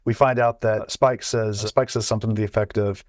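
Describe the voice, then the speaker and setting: A man's voice: fairly low pitch, flat delivery, normal speed, dry recording, studio quality. A man co-hosting a podcast in casual chat, talking in bursts full of restarts and repeated words. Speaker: podcast co-host.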